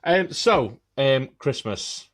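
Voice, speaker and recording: A man's voice: medium pitch, lively intonation, slow, a bit bright. A man co-hosting a podcast, chatting casually, swearing freely and telling stories. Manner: swears freely, tells stories with acted-out quotes. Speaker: podcast co-host. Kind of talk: casual chat.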